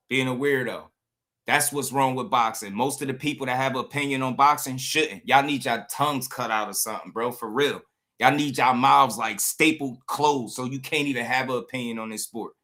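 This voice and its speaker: A man with a bright, forceful voice delivers a livestream commentary rant. He talks bluntly in heavy slang, circling back over the same phrases as he works himself up. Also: medium pitch. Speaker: boxing channel host.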